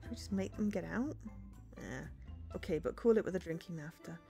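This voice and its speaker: A woman's voice: fairly low pitch, animated, fairly quick, creaky, warm tone, faint music behind. A woman streamer reading a story game aloud, with dry, sarcastic asides.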